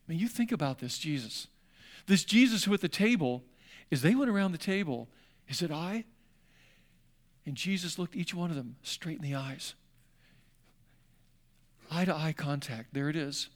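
High-voiced male pastor preaching dramatically. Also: expressive, moderate pace, long pauses. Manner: dramatic, shifting from hushed to emphatic. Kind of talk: sermon.

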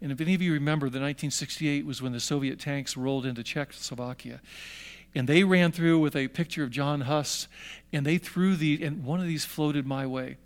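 Speaking fairly quickly in a voice on the high side, an older man shares a personal story with a young audience. He stays animated and voices the people in his story himself.

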